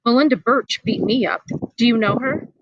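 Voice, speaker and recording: A woman's voice: fairly high pitch, normal speed, highs cut off, noisy background, close to an everyday voice. A woman voicing a troubled young schoolboy, hesitant and plaintive, in a read-aloud storybook.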